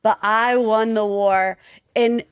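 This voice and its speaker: Playful woman with a higher voice. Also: takes it slowly, clear, resonant tone, no echo. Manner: playful, teasing, animated storytelling. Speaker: podcast co-host. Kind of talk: casual chat.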